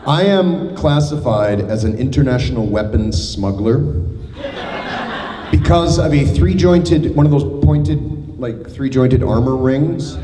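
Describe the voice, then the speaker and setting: A man's voice: mid-range voice, a little slow, dark tone. A man from Canada joking and rambling on a convention panel, impish and prone to sudden silly voices. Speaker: voice actor convention guest. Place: large convention hall with an audience. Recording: echoey hall with crowd noise.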